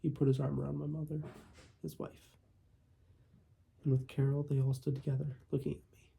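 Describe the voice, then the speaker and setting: A man reading a first-person short story aloud in a measured way, with small slips. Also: medium pitch, little pitch movement, creaky, mellow, a little hiss or hum. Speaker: audiobook reader.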